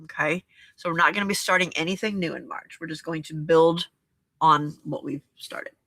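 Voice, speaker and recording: A woman with a bright, clear voice talks through a monthly reflection for a crafting challenge. She speaks gently and encouragingly and keeps checking in with her viewers. The sound is close and dry, with no room echo. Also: sits low, fairly even intonation, moderate pace. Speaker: host of a journaling and crafting challenge. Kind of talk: reflective casual talk to viewers.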